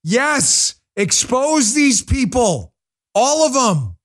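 Male talk show host, high and combative, emphatic delivery. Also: big pitch swings, extremely slow. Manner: emphatic, combative, mocks opponents in put-on voices. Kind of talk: fiery political commentary.

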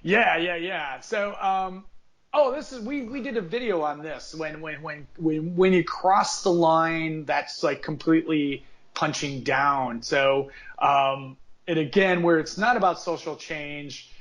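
A man chats casually on a podcast, rambling and restarting his sentences with many fillers. His voice sits a little higher than most men's. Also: measured pace, fairly bright tone. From United States. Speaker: podcast co-host. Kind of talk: casual chat.

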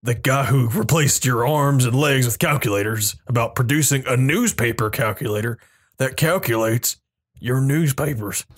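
A man doing deadpan, absurd in-character commentary while playing a game. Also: mid-range voice, moderate pace. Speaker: game video creator. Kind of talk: comedic role-play game commentary. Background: music.

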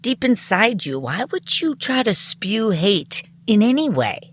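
A woman comedian as a podcast guest, telling candid stories in lively, casual conversation. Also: medium pitch, measured pace, husky. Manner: animated storyteller, candid. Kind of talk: casual interview chat.

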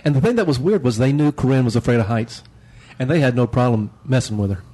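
A man chatting as a guest on a podcast roundtable, telling a relaxed, rambling story about a day out. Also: mid-range voice, fast talker. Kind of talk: casual roundtable chat.

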